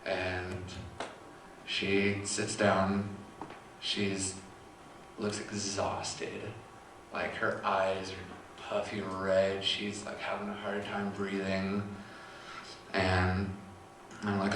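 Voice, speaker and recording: A young man telling a personal story in a halting, quiet way with long pauses. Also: deep voice, monotone, a little hiss or hum. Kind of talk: personal testimony. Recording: echoey room from far off.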